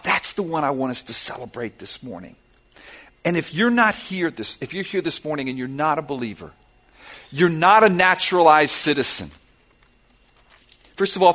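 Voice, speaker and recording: A man's voice: fairly high pitch, bright, forceful tone. A middle-aged man preaching a sermon to his church, impassioned and emphatic, driving points home through repetition. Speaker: pastor.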